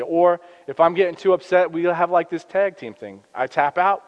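A man's voice: a little high, moderate pace, smooth. Earnest man giving a parenting talk. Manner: earnest, conversational, with frequent restarts. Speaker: youth ministry worker and parent. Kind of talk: faith-based parenting talk. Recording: dull lo-fi sound with long reverb.

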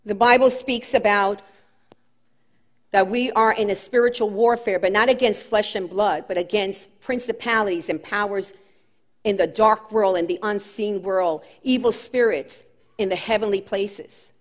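A woman's voice: medium pitch, measured pace. A woman preaching a sermon with impassioned emphasis, repeating key phrases as her voice rises and falls.

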